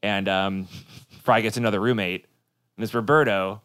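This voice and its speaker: A man's voice: on the low side, fairly even intonation, moderate pace, fairly bright tone, smooth. A man co-hosting a casual podcast chat, laid-back, laughing often and swearing casually. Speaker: podcast co-host.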